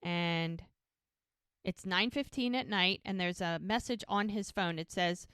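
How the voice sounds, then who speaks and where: A woman co-hosting a podcast, walking through a TV episode beat by beat. She acts out every exchange with "he's like" and "she goes". Her voice sits at a middle pitch and is recorded dry and close, with no room sound. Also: a little slow, clear, resonant tone, dry recording. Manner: animated retelling, quoting characters with "he's like". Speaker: podcast co-host recapping a TV episode. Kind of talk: casual storytelling recap.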